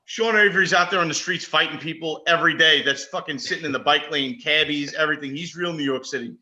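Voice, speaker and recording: A man's voice: a little high, fast talker, sharp tone. A man co-hosting a casual sports podcast, talking bluntly and emphatically with plenty of swearing. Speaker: podcast co-host.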